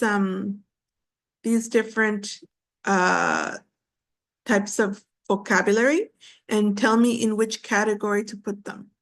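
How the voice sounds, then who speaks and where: A woman teaching an online English class over a video call, patiently repeating words slowly with frequent fillers. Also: mid-range voice.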